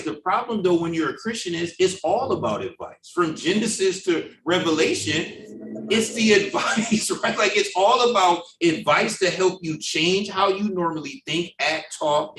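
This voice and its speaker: A man leads a Bible study in a casual, animated way, slipping into voices to act out what other people say. His voice sits fairly high for a man. It comes from a little way off the mic, in a room that echoes. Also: distant mic. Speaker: Bible class teacher. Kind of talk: informal Bible study discussion. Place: church classroom.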